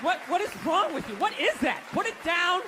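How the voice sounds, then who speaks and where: Male stand-up, profane incredulous ranter, high bright tone, live stage mic. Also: animated, fairly quick, crowd noise, background noise. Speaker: stand-up comedian. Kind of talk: stand-up comedy set. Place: theater stage before a laughing audience. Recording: live stage set with audience.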